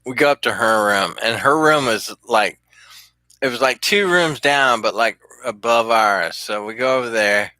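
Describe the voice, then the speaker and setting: Bright-voiced man rambling through a story. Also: mid-range voice, unhurried, dry recording. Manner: rambling, profane, chuckling often. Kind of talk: casual anecdote telling.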